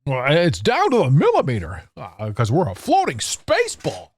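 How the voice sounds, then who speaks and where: A man's voice: fairly high pitch, wildly swooping pitch, slightly rough, no echo, full character voice. A smug male explainer stumbles through his reasoning with endless "uh"s, as a man mocks him. The patronizing tone never lets up, and the sound is dry and close. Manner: halting, filler-laden, patronizing. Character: condescending hesitant male science explainer.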